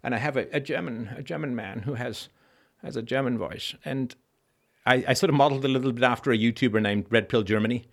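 Viewer comments get conversational answers from this male host during a live-stream Q&A. His trained, expressive voice sits in the mid-range, and he keeps breaking off to restart.

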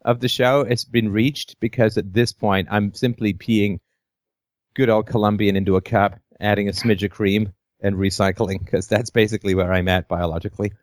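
A man's voice: on the low side, fairly even intonation, normal speed, dry recording, studio quality. A man hosting a call-in show, tired and burnt out, joking in a self-deprecating, rambling way with many restarts. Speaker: host. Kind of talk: casual call-in show chat.

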